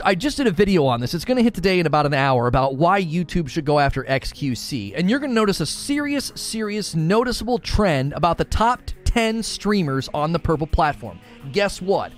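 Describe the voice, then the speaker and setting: A man streaming and giving a casual, argumentative rant, repeating and restarting his words as he pushes his point. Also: high-pitched.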